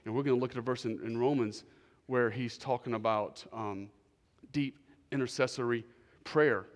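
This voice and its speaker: A male pastor preaching a sermon, emphatic, repeating key phrases and dropping to quieter asides. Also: mid-range voice, normal speed, long reverb tail. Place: church.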